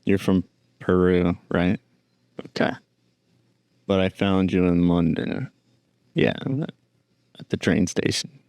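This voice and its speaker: A man's voice: deep voice, flat delivery, slow pace, long pauses, darkish tone, clean tone, no room sound. A man hosting a podcast, rambling dryly on his own and talking to his pet. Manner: rambling, dry, talks to a pet. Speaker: podcast host. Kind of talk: casual solo chat.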